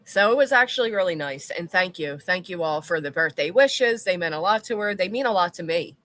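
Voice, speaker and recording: Middle-aged woman streamer, bright and chatty, rambling to her chat, dry close mic. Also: lowish voice, lively intonation, fairly quick, no room sound. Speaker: livestream commentary host. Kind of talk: casual livestream chat with viewers.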